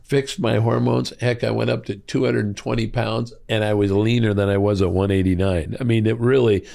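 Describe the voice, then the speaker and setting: Middle-aged man from Iowa, gravelly guest, chatty storyteller. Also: brisk. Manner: animated, acts out quoted voices with big pitch jumps. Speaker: guest, hormone clinic co-founder. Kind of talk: casual storytelling interview.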